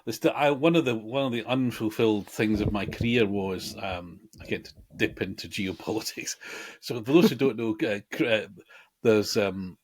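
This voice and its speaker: A man's voice: on the low side, normal speed. A man co-hosting a podcast, making wry, digressive asides. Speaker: podcast co-host. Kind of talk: casual chat.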